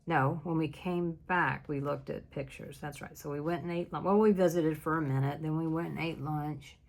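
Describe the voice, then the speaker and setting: A woman's voice: low-pitched, normal speed, gravelly. A middle-aged woman telling a story in a casual chat, laughing often and acting out what people said. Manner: chatty, laughs often, quotes people in lively voices. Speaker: craft channel host.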